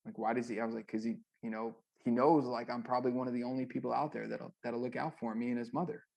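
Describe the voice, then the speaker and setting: A man with a gravelly, mid-pitched voice, giving a casual interview. He tells long, animated stories full of fillers and restarts. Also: quick pace. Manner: rambling, animated anecdotes with many fillers. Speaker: guest, former music manager.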